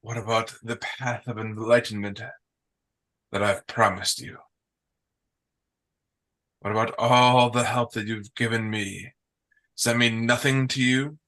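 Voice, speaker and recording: A man voicing a stern male master figure in a tabletop game who talks slowly and makes threats. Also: medium pitch, steady tone, fairly bright tone, poor audio. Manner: slow, measured and threatening.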